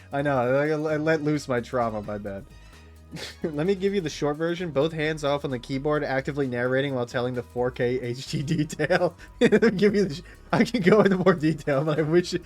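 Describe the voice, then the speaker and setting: An excitable young streamer talks in a fairly high voice, ranting and laughing as his pitch leaps when he gets riled. Faint music plays behind him. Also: normal speed. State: out of breath. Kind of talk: casual stream chat.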